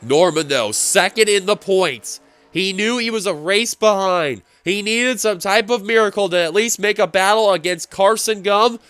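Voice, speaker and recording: A man giving play-by-play commentary on a simulated stock car race, getting excitable as the finish nears. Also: high-pitched, normal speed, smooth, no echo, faint music behind. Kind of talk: play-by-play sim racing commentary.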